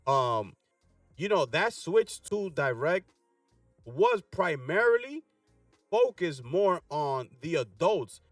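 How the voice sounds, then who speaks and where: A man hosting a gaming news channel, reading articles aloud with energetic hype and frequent "right?" asides. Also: a little high, slow, no echo, far from the mic, faint music behind. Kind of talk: casual commentary reading articles.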